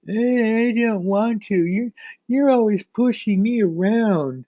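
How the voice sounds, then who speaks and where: A man playing a sulky teenage boy, petulant, complaining, pitched way up. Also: slow, mellow, dry recording. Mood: whiny. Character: whiny, sulky teenage boy talking back to a parent.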